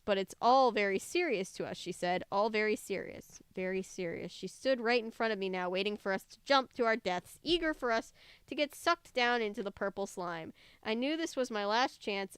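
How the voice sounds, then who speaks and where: A young woman reading a story aloud, giving the dialogue lively voices and breaking off for chatty, joking asides. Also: medium pitch, smooth, no echo. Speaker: reader of a book aloud.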